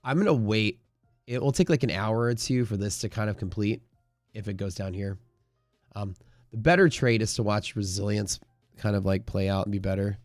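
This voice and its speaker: Man, low-pitched, casual live-stream host, rambling, filler-heavy, dry close sound. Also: moderate pace, no room sound, soft background music. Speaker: day-trading live streamer.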